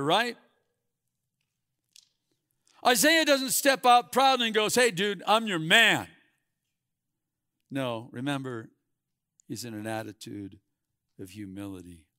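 A man preaching with a bright, forceful voice that drops to a hush and then climbs to loud, emphatic peaks. The sound is close and dry, with no room around it. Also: mid-range voice, no room sound. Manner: dynamic, swings from hushed to loud and emphatic. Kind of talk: sermon.

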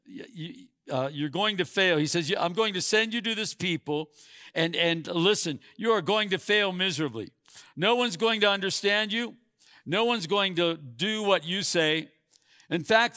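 A man preaching a sermon, swinging from hushed, quiet passages to loud, emphatic peaks. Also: a little high, no echo, studio quality.

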